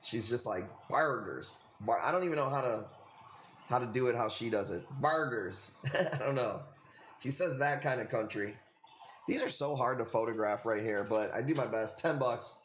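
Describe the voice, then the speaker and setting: A man's voice: medium pitch, normal speed. Man, chicago accent, rambling livestream host, echoey room, faint background hiss. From Illinois. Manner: rambling, chatty, laughs often, many fillers. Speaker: livestream host selling corals. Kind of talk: casual livestream chat.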